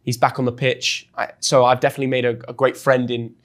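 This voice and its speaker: A young man from England with an English accent, telling a story as a guest in an interview with lively, chatty energy and frequent restarts. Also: mid-range voice, quick pace. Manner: chatty and animated, often restarts words. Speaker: guest, football influencer.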